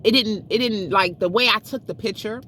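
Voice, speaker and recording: A woman's voice: medium pitch, brisk, sharp tone, a little hiss or hum. A middle-aged woman telling a frustrating story to her viewers in a chatty, exasperated way, talking straight to them as y'all. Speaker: vlogger. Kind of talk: casual storytelling vlog.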